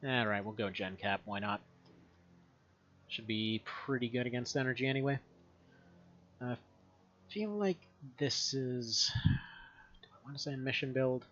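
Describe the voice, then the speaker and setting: A man's voice: mid-range voice, measured pace, long pauses, fairly bright tone. Man streaming a game from home, rambly and laughing a lot, slightly muffled mic. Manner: rambling and chatty, laughs often. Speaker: gaming streamer. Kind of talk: casual gameplay commentary.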